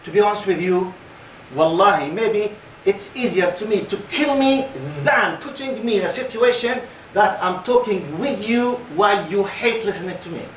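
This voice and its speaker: A man's voice: sits high, normal speed, slight background noise. Man in his 50s, lecturer; engaging, quizzes the audience; recorded from a distance in a reverberant hall. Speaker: Islamic lecturer. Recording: roomy hall, mic at a distance.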